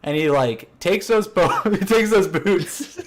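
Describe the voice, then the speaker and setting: A man's voice: high-pitched, a little slow, background noise. Man animatedly telling a funny story. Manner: animated, acts out quotes of coworkers; laughs while telling the story. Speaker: podcast co-host. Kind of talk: casual storytelling chat.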